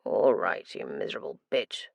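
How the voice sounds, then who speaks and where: A grim, terse young man mutters in a lowered, clipped voice, as a woman narrator plays him. The storybook protector sounds steady and tense. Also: moderate pace, no room sound, lo-fi sound.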